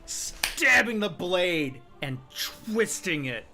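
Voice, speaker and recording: A man narrating a live tabletop role-playing game as game master, telling the scene slowly and dramatically. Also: high-pitched, big pitch swings, music in the background. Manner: slow, dramatic storytelling.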